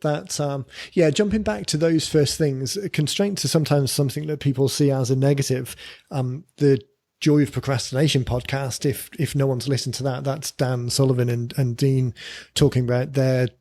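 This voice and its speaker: A man's voice: mid-range voice, steady tone, moderate pace, warm tone, dry recording, studio quality. A man co-hosting a podcast, talking casually and thinking aloud with fillers and repeated words. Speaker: podcast co-host.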